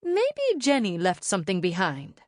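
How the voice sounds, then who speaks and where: A woman's voice: on the low side, huge pitch swings, moderate pace, no echo, studio quality. Woman doing a busy mom with a Mexican accent. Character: warm busy Mexican-born mother, adult woman. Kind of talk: audiobook character voice.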